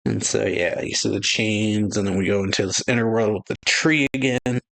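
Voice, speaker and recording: A man's voice: fairly low pitch, normal speed, gravelly, fairly bright tone. Laid-back man retelling a manga. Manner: rambling, chuckling, filler-heavy. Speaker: anime reaction channel host. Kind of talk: casual retelling of a manga chapter.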